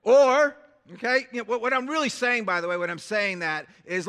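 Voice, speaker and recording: Bright-voiced preacher man, high and animated. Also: moderate pace. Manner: animated, swinging from hushed to loud; calls for amens from the crowd. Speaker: pastor. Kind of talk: sermon.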